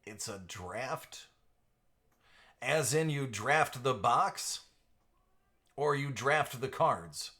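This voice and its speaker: A man's voice: medium pitch, animated, very slow, long pauses, sharp tone. A man hosting a casual live stream, chatting with viewers by name and laughing often. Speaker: live stream host for card breaks. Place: at home.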